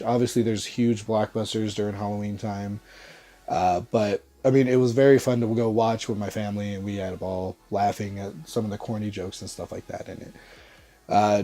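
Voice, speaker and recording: A man's voice: medium pitch, warm tone. Stuffy-nosed young man reviewing a movie. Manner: loose and rambling, many "uh" fillers. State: stuffy, congested from a cold. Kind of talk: casual spoken movie review.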